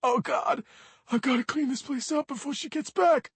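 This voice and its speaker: A man voicing a hysterical, drugged-up teenage boy who shouts and sobs in panic. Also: normal speed, no room sound. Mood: panicked. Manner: shrill, sobbing, frantic shouting.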